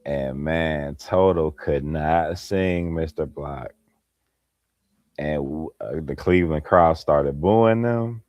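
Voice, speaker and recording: A man's voice: very deep voice, takes it slowly, a little mellow, dry recording. A man hosting a late-night livestream, chatting casually with viewers by name and laughing often. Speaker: livestream host. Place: home at night, holding a light.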